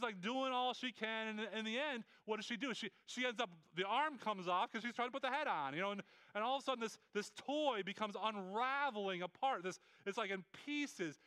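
A man preaching a sermon as a pastor, earnest and pleading, with many quick restarts and repeated words. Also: high voice, bright, forceful tone, clear, resonant tone, dry recording.

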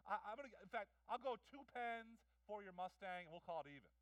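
Animated high-voiced male pastor. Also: fast, no echo, distant mic, poor audio. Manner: animated storytelling with jokes and acted-out voices. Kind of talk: sermon. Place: church hall.

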